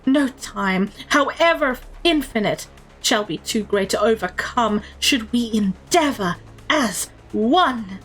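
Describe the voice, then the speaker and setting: A woman's voice: fairly high pitch, animated, slow, slightly rough, faint music behind, exaggerated voice. A woman voicing an earnest, dramatic young female knight who speaks in old-fashioned, theatrical words. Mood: proud. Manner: archaic, theatrical, exclaiming.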